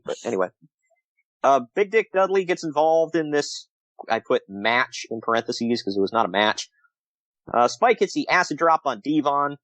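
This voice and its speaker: A man's voice: medium pitch, a bit bright, no echo. A man co-hosting a casual podcast review, rambling and laughing often as he retells things. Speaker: podcast co-host.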